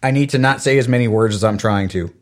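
A man's voice: lowish voice, quick pace. A middle-aged man telling stories in a casual podcast chat, acting out the voices of the people he quotes. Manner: animated storyteller, acts out quoted voices. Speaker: podcast co-host.

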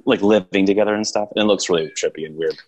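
Young man, low voice, relaxed rambling chat, chuckles often. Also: fast, slight background noise, low-quality recording. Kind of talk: casual chat.

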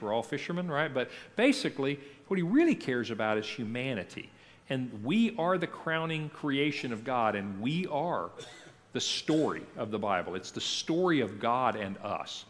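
A middle-aged man teaches a church class as its pastor, his voice rising and falling with lively animation. He talks conversationally and keeps checking in with questions to the group. His words carry a long reverb from the church hall around him. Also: mid-range voice, normal speed.

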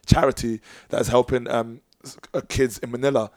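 A man's voice: mid-range voice, little pitch movement, normal speed, a little mellow, dry recording. Earnest rambling man, dry close mic. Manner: earnest, rambling with many fillers and restarts. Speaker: professional dancer and choreographer, guest. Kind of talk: casual podcast chat.

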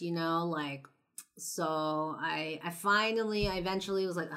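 Low-voiced young woman, chatty. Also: moderate pace, bright, forceful tone. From Los Angeles, United States. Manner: loose and chatty, full of "like" and "you know", blunt swearing. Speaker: vlogger. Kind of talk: casual storytelling to camera.

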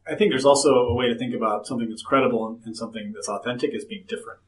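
A male writer on a panel, speaking in measured thoughts with frequent fillers. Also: mid-range voice, steady tone, poor audio. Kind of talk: panel discussion.

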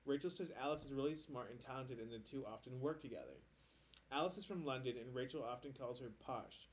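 A man's voice: medium pitch, expressive, fairly quick, a little hiss or hum. A man co-hosting a casual podcast, reading listener posts aloud and chatting loosely with lots of filler words. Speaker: podcast co-host.

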